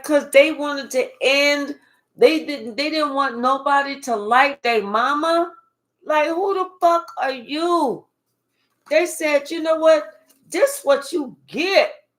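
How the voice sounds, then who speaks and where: Woman tarot reader, slow profane drawl, somewhat high voice, unhurried live reading. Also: a bit bright.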